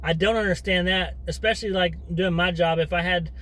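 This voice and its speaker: A man's voice: sits high, fairly even intonation, a little fast, pushed and bright, poor audio. A middle-aged man chatting to camera as a vlogger in a rambling, wandering way, breaking off into asides. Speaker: vlogger and father. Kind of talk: casual rambling monologue to camera.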